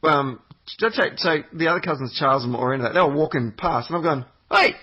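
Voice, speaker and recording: A man's voice: on the high side, fairly quick, slightly rough, highs cut off. A man, chatting as a podcast guest, telling rambling stories and swearing freely. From Australia. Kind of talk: casual chat.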